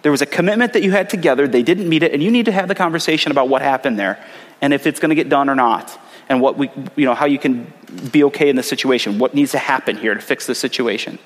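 A man's voice: medium pitch, fast talker, in a large hall. A man preaching a sermon in an earnest, conversational way, repeating short phrases for emphasis. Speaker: pastor.

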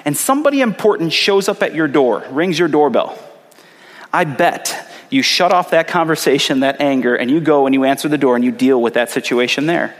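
A man's voice: a little high, fairly quick, long reverb tail. A man preaching a sermon in an earnest, conversational way, repeating short phrases for emphasis. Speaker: pastor.

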